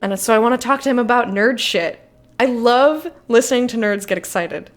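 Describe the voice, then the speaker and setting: A young woman playing a game and commenting casually, excitable and playful, swearing now and then. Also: a little high, moderate pace. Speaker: let's play streamer.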